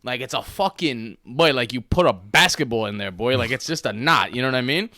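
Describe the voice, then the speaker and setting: A man co-hosting a podcast, telling stories in casual chat with an animated delivery and bursts of loud laughter. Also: medium pitch, a little fast, no room sound, clean studio sound. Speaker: podcast co-host.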